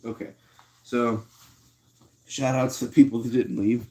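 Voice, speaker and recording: A man hosting a live stream in a loose, slangy way, addressing his viewers directly as he goes. His voice sits at an ordinary mid pitch, neither deep nor high. He speaks the way people talk among friends. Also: level tone, measured pace, long pauses, warm tone, a little hiss or hum. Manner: slangy and laid-back, talks to chat. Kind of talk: casual livestream chat.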